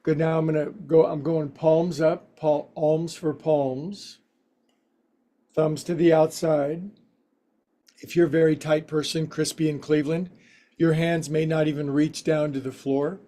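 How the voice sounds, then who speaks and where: Male yoga instructor, warm mellow tone, slightly higher voice, joking folksy delivery. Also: little pitch movement. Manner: playful, folksy quips between slow cues. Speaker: yoga teacher. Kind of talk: guided yoga class instruction.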